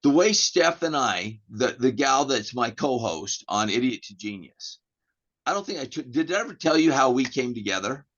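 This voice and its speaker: A man's voice: medium pitch, animated, moderate pace, a bit bright. A man with an American accent telling a long story as a podcast guest, rambling with restarts and acting out the dialogue. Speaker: podcast guest, real estate agent. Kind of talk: casual storytelling in an interview. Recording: dull lo-fi audio.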